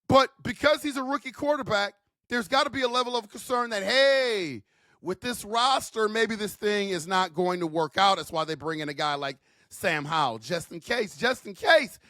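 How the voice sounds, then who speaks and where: A man's voice: sits high, bright, forceful tone, no echo, studio quality. A man hosting his own football channel, giving fired-up, emphatic opinions in a casual slangy way and repeating his points. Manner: casual slangy talk, calls listeners man. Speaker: sports channel host. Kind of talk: opinionated football commentary vlog.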